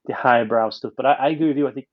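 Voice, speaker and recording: A man's voice: medium pitch, very fast, muffled recording. A man reviewing a film on a podcast in casual chat, rambling with many restarts.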